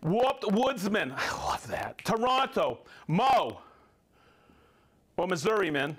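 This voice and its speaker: Upbeat man with a high voice, reading shout-outs. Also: very animated, slow, slightly rough. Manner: upbeat, reads off viewer names and places, stumbles over hard names. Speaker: livestream host. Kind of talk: live-stream shout-outs to viewers.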